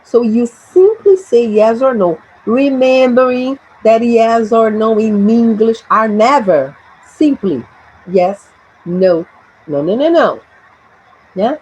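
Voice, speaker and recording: A woman's voice: on the high side, animated, slow pace, darkish tone, a little hiss or hum, poor audio. A Brazilian woman with a Portuguese accent teaching an English grammar lesson, drilling short phrases for students to repeat.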